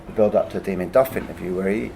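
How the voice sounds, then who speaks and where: Low-voiced male host asking long questions. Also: rapid-fire, creaky, dark tone, a little hiss or hum. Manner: long, searching questions with many fillers. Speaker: podcast host, interviewer. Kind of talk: casual conversation.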